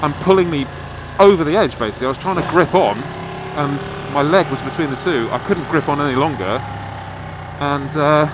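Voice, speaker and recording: A man's voice: on the high side, a little fast, noisy background. A man vlogging from inside a car, casually telling a long story and swearing freely. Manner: swears freely, rambling anecdote.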